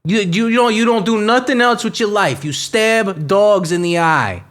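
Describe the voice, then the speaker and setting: A man doing a hot-tempered champion of the police, bellowing a self-righteous tirade. The voice sits well above his usual pitch and swings widely. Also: animated, normal speed, a bit bright. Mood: furious.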